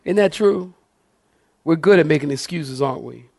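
A man's voice: fairly high pitch, moderate pace, creaky, darkish tone, no echo, clean studio sound. A middle-aged male pastor preaching a sermon, passionate and emphatic, calling on the congregation to respond.

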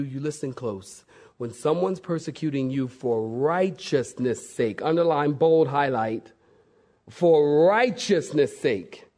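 A man preaching a sermon to his congregation, acting out the quoted speakers with big swings in pitch and volume. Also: a little mellow.

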